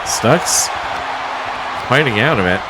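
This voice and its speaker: A man's voice: medium pitch, lively intonation, slow pace, a loud crowd, heavy background noise. A man calling a wrestling match play by play, with a wry, mocking manner and the odd chuckle. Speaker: wrestling commentator. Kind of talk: play-by-play commentary.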